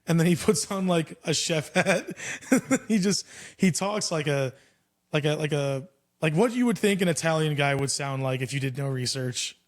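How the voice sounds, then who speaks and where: A man's voice: on the high side, expressive, moderate pace. A young man hosting a podcast in casual chat. He is laid-back and swears freely, with lots of "dude" and "like.". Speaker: podcast host and comedy show booker.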